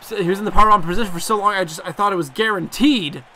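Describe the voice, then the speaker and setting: A young man giving excitable play-by-play commentary on a video game wrestling match, casually swearing. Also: sits high, racing, a little hiss or hum. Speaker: gameplay commentator.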